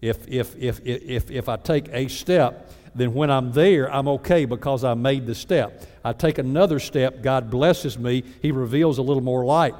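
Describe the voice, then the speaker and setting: Male pastor, mid-pitch, animated sermon with mock-prayer asides; long church reverb. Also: normal speed. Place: church sanctuary.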